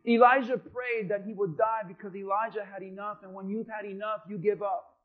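High-voiced male pastor preaching, lo-fi. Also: fairly even intonation, a little fast. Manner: preaching with acted-out quotes, questions to the congregation. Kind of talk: sermon. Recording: dull lo-fi recording.

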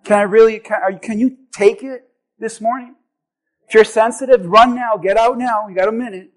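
Male pastor, very high voice, impassioned sermon, shouts and slows for emphasis, church. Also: fairly even intonation. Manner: impassioned preaching, often shouting and slowing for emphasis.

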